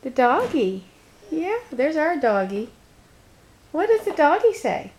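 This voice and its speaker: High, lively sing-song mother. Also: unhurried, slight background noise. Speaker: parent filming her toddler. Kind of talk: home video baby talk. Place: home. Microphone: handheld camera.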